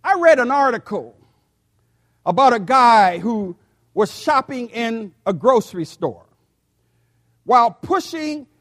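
An older male pastor preaching in his sixties, with a high voice for a man. He talks slowly and deliberately, sometimes doubling his words as he addresses the congregation. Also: fairly bright tone. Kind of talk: sermon.

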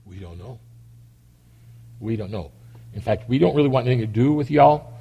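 A preacher playing the nervous, evasive parents. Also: male voice, mid-range voice, rapid-fire, creaky, breathy edge, muffled recording, voice pushed down. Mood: fearful. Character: fearful parents of the healed man, evasive. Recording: long echo of a big hall.

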